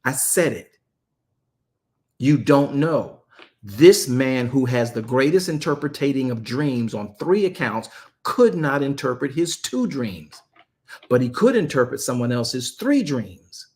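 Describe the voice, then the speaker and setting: Animated joking man teaching scripture. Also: mid-range voice, slow pace. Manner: joking, animated, talks straight to the group; repeats himself and restarts phrases. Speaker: apostle teaching a Bible study. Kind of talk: casual Bible study teaching.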